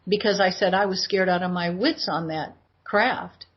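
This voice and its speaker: A woman in her sixties, a guest in an interview, telling her personal story in an animated way and acting out what she said back then. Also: fairly low pitch, moderate pace, husky. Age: 60s. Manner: animated retelling that acts out her own past words. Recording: dull lo-fi audio.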